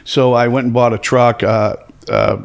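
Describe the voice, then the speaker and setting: A man's voice: mid-range voice, steady tone, moderate pace, gravelly. A middle-aged man, hosting a casual podcast and telling long stories, full of fillers and profanity. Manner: rambling, heavy on fillers and profanity. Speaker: podcast host. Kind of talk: casual storytelling chat.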